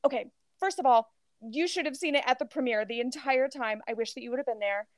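A woman co-hosting a podcast, telling gossip in a lively casual chat, full of "like" and cursing. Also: high voice, fast, dry recording. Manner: animated storytelling, heavy filler "like", swears freely. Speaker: podcast co-host.

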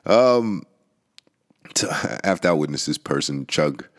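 A man's voice: a bass voice, expressive, slow. A young man, hosting a casual monologue, rambling with frequent laughs, profanity and restarts. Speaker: podcast host.

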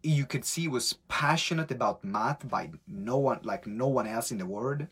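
A man's voice: medium pitch, moderate pace, breathy edge. A man with an Italian accent, hosting a motivational live stream as a business coach, telling stories energetically and acting out quotes. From Italy. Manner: energetic, animated storytelling with acted-out quotes.

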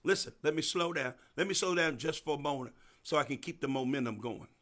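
A man preaching a sermon to a congregation, repeating phrases for emphasis and calling out to listeners by name, swinging between soft and loud. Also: a little high, a little fast.

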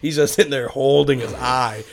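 A man's voice: mid-range voice, steady tone, moderate pace, creaky, a crowd in the background. A man telling a long story in casual chat, rambling with lots of filler words, swearing and acting out what people said. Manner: swears, acts out quoted voices; rambling, full of "like". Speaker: podcast co-host telling a story.

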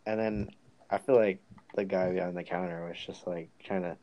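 A man's voice: low voice, fairly even intonation, normal speed, warm tone, muffled recording. A teenage boy chatting as a podcast guest, telling a rambling story and swearing freely. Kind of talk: casual chat.

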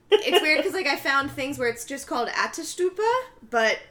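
A woman's voice: on the high side, measured pace, hardly any pauses, bright, forceful tone. Chatty woman recapping a film. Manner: chatty, laughing, filler-heavy. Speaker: podcast co-host. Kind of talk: casual chat recapping a film.

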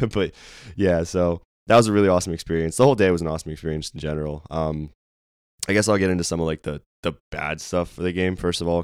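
Young male podcast co-host: hoarse, very low voice, rattles along fast with fillers. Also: no room sound, clean studio sound. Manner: rambling, excitable, lots of fillers. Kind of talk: casual sports podcast chat.

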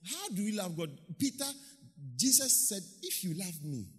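A male pastor preaching a lively sermon, acting out quotes and pausing for his interpreter. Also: sits high, slightly rough, long reverb tail, faint music behind. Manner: animated preaching, acts out quotes, pauses for interpreter. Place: church hall.

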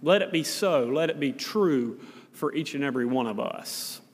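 A man's voice: medium pitch, animated, normal speed, husky. A male pastor, preaching a sermon in a folksy, conversational storytelling way. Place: church sanctuary. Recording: long reverb of a church hall.

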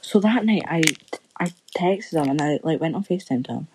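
Young woman, low voice, rambling sweary storytelling, casual podcast chat. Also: lively intonation, fairly quick, noisy background.

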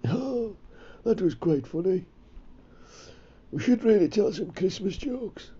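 Male comic as his cheeky alter ego; high, husky, lively pitch, mocking. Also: takes it slowly, muffled recording, full character voice. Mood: teasing.

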